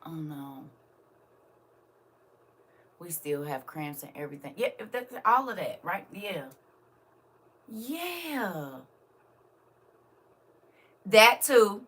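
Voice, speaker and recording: A middle-aged woman hosts a casual live stream, talking straight to her viewers. Her voice is bright and sharp, and she swings between soft, musing asides and loud, animated bursts, laughing often. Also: mid-range voice. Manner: chatty, laughs often, addresses viewers directly. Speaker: livestream host.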